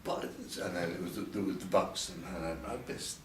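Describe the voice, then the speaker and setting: In a low-pitched voice at normal speed, with fairly even intonation, an older man recalls his past during a candid interview. He speaks hesitantly, repeating words and quoting others in a raised voice. Recorded at an event venue, the distant mic yields a roomy sound with faint ambience and slight hiss or hum.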